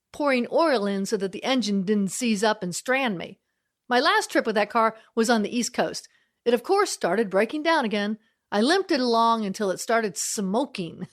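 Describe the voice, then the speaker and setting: A woman's voice: fairly high pitch, fairly bright tone. A middle-aged woman comedian telling a personal story in a chatty way, laughing between lines.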